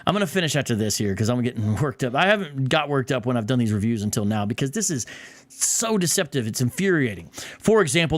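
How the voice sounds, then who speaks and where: A man's voice: mid-range voice, no echo. A man hosting a podcast, reading a passage aloud and breaking in with heated, exasperated rebuttals. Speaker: podcast host.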